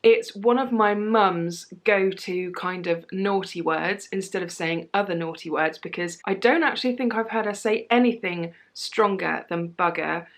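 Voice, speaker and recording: A young British woman with a British accent chatting casually to camera in a tag video, lively and quick to laugh. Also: medium pitch. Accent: British English. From Britain. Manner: chatty and animated, laughs easily. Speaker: vlogger.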